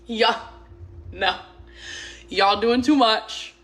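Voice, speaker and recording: A woman's voice: medium pitch, animated, normal speed, background noise. Blunt, profane young woman ranting. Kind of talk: storytime rant to camera.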